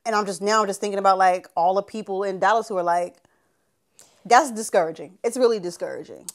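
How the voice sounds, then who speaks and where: A woman's voice: medium pitch, fast talker. A woman podcast co-host in casual chat, giving emphatic, outspoken opinions.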